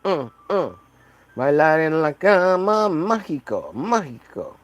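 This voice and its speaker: A man's voice: big pitch swings, slow pace. A man putting on a sultry, crooning Latin lover voice. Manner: low, crooning seduction.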